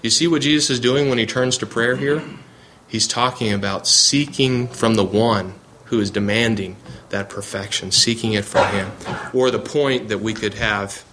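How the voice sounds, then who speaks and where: A man's voice: on the low side, fairly even intonation, normal speed, background noise. A man teaching a Bible class, reading scripture aloud in an earnest way and often restarting sentences as he searches for words.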